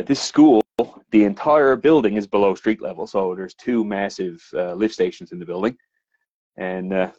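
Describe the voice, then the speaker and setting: A man's voice: on the low side, no room sound. A man with a Newfoundland accent, a plumber telling swearing, laughing work stories in casual podcast chat. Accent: Newfoundland English. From Newfoundland, Canada. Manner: animated, laughing storyteller with frequent fillers and swearing. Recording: slightly dull, dry podcast audio.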